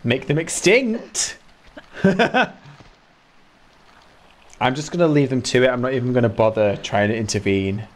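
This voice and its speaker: A man streaming a video game live, reacting loudly, laughing and teasing his chat as he plays. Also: mid-range voice, normal speed, slight background noise. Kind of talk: live gameplay commentary, reading chat. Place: indoor room.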